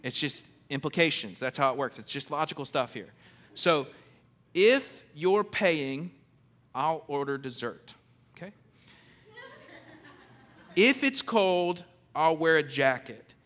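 A man preaching a sermon in a conversational, emphatic way, swinging from loud declarations to hushed, intimate lines. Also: fairly high pitch, expressive, slow pace, long pauses. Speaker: pastor.

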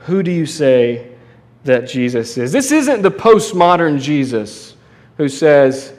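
Male pastor, fairly high voice, casual animated sermon delivery. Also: a little slow. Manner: conversational, animated preaching with restarts and asides.

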